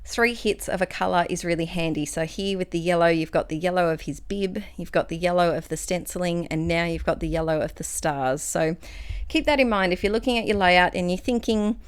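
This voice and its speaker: A woman's voice: on the low side, brisk, clear, resonant tone. Chatty Australian woman, slightly breathless. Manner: chatty, rambling, self-correcting. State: a little out of breath. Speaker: craft vlogger. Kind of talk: voice-over narration of a scrapbooking process video.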